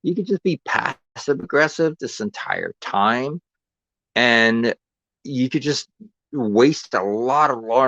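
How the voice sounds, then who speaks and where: A man in the middle of a sarcastic, confrontational rant on his own stream, circling back over the same points. His voice sits at an ordinary pitch. The sound is dry and a little dull, like lo-fi stream audio. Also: fairly bright tone, dry recording. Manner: sarcastic, confrontational, repeats himself. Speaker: live streamer. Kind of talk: angry ranting monologue.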